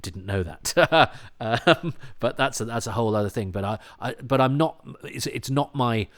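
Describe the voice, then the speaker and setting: A British man speaks casually as a podcast commentator, his British English speech full of false starts, repeated words, and chuckling asides. His voice is mid-range and his pace normal.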